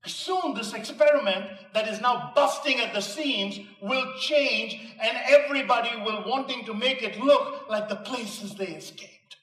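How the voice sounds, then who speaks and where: A man's voice: extremely high pitch, a little slow, hardly any pauses, fairly bright tone, distant mic. A man giving an emphatic, rhetorical inspirational speech to a live audience, mixing in punchline jokes. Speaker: motivational speaker. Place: live venue before an audience. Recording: echoey room, voice off mic.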